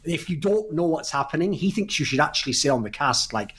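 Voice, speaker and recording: A man's voice: on the high side, lively intonation, brisk, a bit bright. A man co-hosting a casual esports podcast, talking emphatically and swearing freely as he argues his points. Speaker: podcast co-host.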